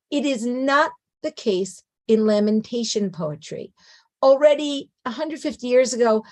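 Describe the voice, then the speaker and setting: Higher-pitched woman lecturing conversationally. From English-speaking country. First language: English. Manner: conversational, frequent rhetorical "right?" checks. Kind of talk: lecture on biblical poetry.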